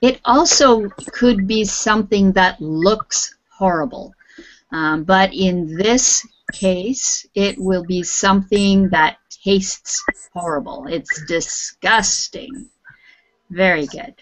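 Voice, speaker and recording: A woman teaching an English vocabulary class, speaking patiently and enunciating every word clearly. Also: medium pitch, takes it slowly, rough recording.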